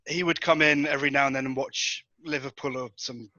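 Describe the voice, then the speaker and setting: A man's voice: medium pitch, fairly even intonation, a little fast, sharp tone, no room sound. A man on a podcast, telling a rambling anecdote with lots of ums and restarts. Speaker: podcast regular telling a story. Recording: dull lo-fi dry sound.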